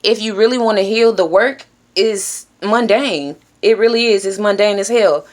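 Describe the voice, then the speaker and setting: A woman giving an earnest, encouraging self-help talk straight to her viewers. She speaks directly and plainly, now and then dropping into hushed shushing. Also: mid-range voice, normal speed. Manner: drops to a hushed whisper when shushing. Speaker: vlogger.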